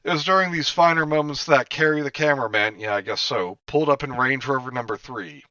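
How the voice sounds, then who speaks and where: A man's voice: mid-range voice, fast talker, sharp tone, clean tone, no echo. A man reading a book aloud in a casual way, breaking off now and then for crude jokes. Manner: reads narration plainly, breaks off for crude jokes. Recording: dull lo-fi sound, a bit far from the mic.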